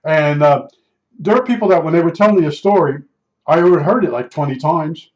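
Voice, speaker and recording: An older man telling a rambling personal story in a spoken monologue, halting often and restarting his sentences. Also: a little high. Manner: meandering, halting, with many restarts and fillers. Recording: dull lo-fi recording.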